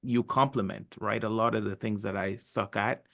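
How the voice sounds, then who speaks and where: A man's voice: on the low side, steady tone, normal speed, creaky. A man co-hosting a family podcast, talking reflectively and thinking aloud. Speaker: podcast co-host. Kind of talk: casual chat.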